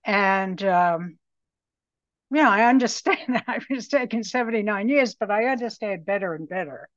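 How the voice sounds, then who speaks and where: An older woman in her late seventies shares her recovery story slowly and reflectively, with frequent pauses and ums. The recording is dry and a little dull. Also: mid-range voice, no echo. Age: 70s. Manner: slow, reflective, pausing often with ums. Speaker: recovery meeting speaker. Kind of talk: personal testimony.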